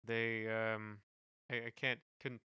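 A man's voice: lowish voice, flat delivery, slow pace, sharp tone, smooth, no room sound, clean studio sound. A young man co-hosting a casual music podcast, talking hesitantly with lots of fillers and restarts. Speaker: podcast co-host. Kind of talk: casual chat reviewing music.

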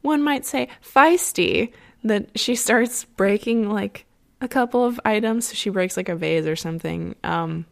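Rambling young woman with vocal fry. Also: medium pitch, unhurried. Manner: rambling, many fillers and "like"s, laughs often. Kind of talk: casual chat, retelling an opera plot.

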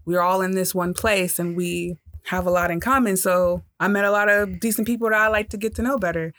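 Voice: mid-range voice, fairly even intonation, fairly quick, fairly bright tone, no room sound, studio quality. A podcast co-host in casual chat, talking in long rambling turns and laughing easily.

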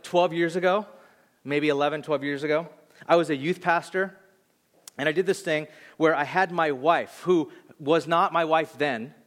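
A man in his thirties preaching a sermon as a pastor, telling an animated, self-deprecating story with halting restarts in his reflective moments. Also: fairly high pitch.

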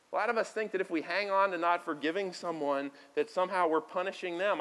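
A man preaching a sermon as pastor, talking conversationally and moving between quiet asides and loud, emphatic lines. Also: sits high, fast, few pauses. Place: church sanctuary.

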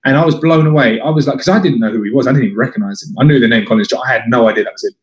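A man's voice: medium pitch, racing. A man telling football stories in casual chat, acting out what others said. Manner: animated, acts out quotes of others. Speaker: former footballer guest. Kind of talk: casual storytelling. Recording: roomy echo.

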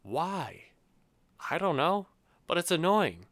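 Smooth-voiced man venting casually. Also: fairly low pitch, expressive, normal speed, a bit bright, no echo. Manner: rambling, self-mocking venting with laughs. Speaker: host. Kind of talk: casual solo monologue.

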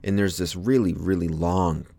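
Brief: low-pitched male podcast co-host, eager film fan, dry close sound. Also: steady tone, moderate pace, vocal fry, warm tone, dry recording. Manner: enthusiastic, hums film music. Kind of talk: casual movie discussion.

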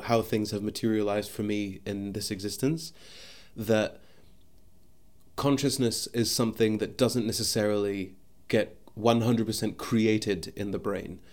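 Guy doing a solo podcast, lowish voice, thoughtful, keeps restarting himself. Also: a little mellow. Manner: thoughtful, searching, restarts often, speaks from the belly. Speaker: podcast host. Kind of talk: reflective solo podcast monologue. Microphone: podcast microphone.

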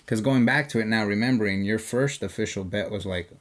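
A man's voice: on the low side, fairly quick. A man co-hosting a podcast, casually telling a long story and acting out what people said, with the odd swear word. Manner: animated retelling, acts out quoted voices, swears casually. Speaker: podcast co-host.

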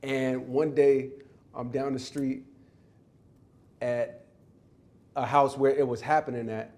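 A man sitting for an interview and recounting a childhood memory. He tells it with animated energy and often circles back to restart a sentence. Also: mid-range voice, takes it slowly. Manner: animated, acts out quoted voices, restarts often. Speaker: interview guest. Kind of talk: storytelling in an interview.

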